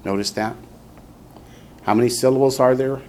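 A man's voice: mid-range voice, fairly even intonation, moderate pace, a little mellow, slight background noise. A man teaching a classroom lesson, patiently drilling students and repeating each word for them to copy. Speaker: Hebrew teacher. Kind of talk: classroom instruction.

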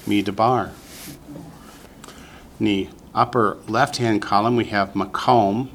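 A man teaching a Hebrew vocabulary lesson to a class, patient and slow, repeating each word for the students. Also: lowish voice, steady tone, a bit bright, a little hiss or hum.

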